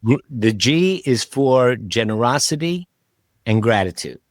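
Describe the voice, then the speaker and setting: A man hosting a podcast interview, talking in a relaxed, rambling way with plenty of fillers and restarts. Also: mid-range voice, measured pace, no echo, studio quality. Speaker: podcast host. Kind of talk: casual interview chat.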